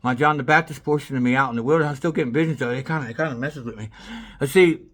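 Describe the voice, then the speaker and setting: A man's voice: mid-range voice, racing, a bit bright. A man in a rambling self-filmed monologue, boastful, swearing freely and breaking into laughter between phrases.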